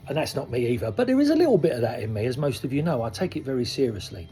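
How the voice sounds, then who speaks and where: An older man in his sixties speaks to his viewers in a loose, rambling way. His voice is mellow and low in brightness, and his talk is candid and conversational. Faint soul music plays in the background. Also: big pitch swings, very fast, few pauses. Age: 60s. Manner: conversational, frank, rambling with asides. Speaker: koi dealer. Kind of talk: casual talk to camera. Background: soft soul music.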